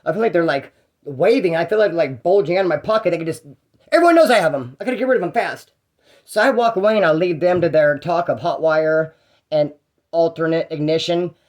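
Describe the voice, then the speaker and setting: A young man spins a casual story in quick, tumbling bursts. His voice sits a little high, and his slangy, rambling delivery keeps doubling back on itself. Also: animated, darkish tone.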